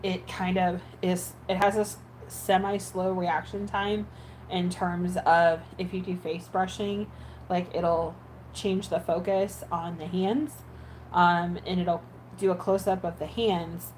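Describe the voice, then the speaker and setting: A woman's voice: fairly low pitch, steady tone, slow, a little mellow, slight background noise, rough recording. A woman who makes ASMR videos chatting casually while editing, rambling with many fillers and restarts. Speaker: ASMR creator.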